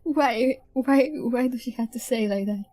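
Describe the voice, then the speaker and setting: A woman's voice: fairly high pitch, measured pace, mellow, no echo. A woman streamer giving casual, giggly commentary while reading through a story game. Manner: giggly, reacts with frequent laughter.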